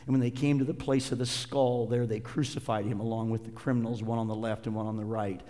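A man preaching a sermon, moving between loud, impassioned passages and quiet, hushed readings of scripture. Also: medium pitch, level tone, fast talker, big-room sound. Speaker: pastor.

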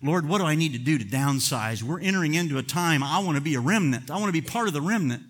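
An older man preaching a sermon with passion, swinging from loud emphatic bursts to quiet asides. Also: fairly high pitch, lively intonation, fast talker, slightly rough. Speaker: pastor.

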